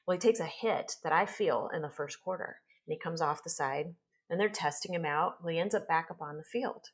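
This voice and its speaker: Woman in her 40s, lowish voice, podcast guest; animated storyteller. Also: brisk. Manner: animated storyteller, acts out quoted speech. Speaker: guest, healer and trauma specialist.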